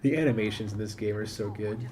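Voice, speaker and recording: A man from the United States giving rambling, self-interrupting live commentary while he plays an online game, with sudden loud bursts of excitement. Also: lowish voice, fast. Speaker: game streamer. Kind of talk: casual live-stream commentary while gaming.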